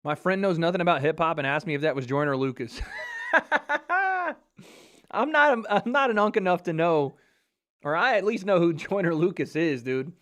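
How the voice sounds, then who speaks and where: A man's voice: a little high, animated, moderate pace, a bit bright. A man hosting a casual livestream watch party, joking and swearing as he chats into a dynamic mic. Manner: joking, profane, chatty. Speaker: livestream host. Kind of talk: casual live commentary.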